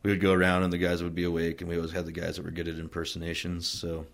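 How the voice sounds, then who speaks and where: A man from Wyoming recounts his military past in a loose, meandering interview. His voice sits very low and carries a gravelly fry. His pitch barely moves as he talks. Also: rapid-fire. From Wyoming, USA. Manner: relaxed, rambling, many fillers and restarts. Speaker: interviewee, Marine veteran. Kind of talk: casual oral-history storytelling.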